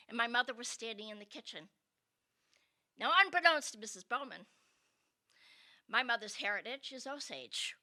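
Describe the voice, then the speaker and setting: A woman comedian telling a comic childhood story in an animated, expressive way. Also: high voice.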